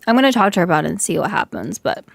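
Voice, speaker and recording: A young woman streamer venting in casual live chat, talking fast with lots of "like", her voice a bit hoarse from yelling. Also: fairly low pitch, very animated, dry recording.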